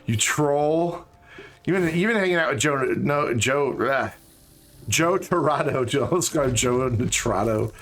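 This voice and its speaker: A man's voice: medium pitch, animated, unhurried, a bit bright. A man chatting casually while he streams a game, joking and talking to objects in it. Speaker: live streamer. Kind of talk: casual gameplay stream chat.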